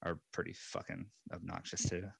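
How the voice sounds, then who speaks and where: A man's voice: sits low, completely flat delivery, moderate pace, vocal fry, breathy edge, dry recording. A man in a casual debate who speaks bluntly and crudely, with a cynical edge. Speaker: panel guest.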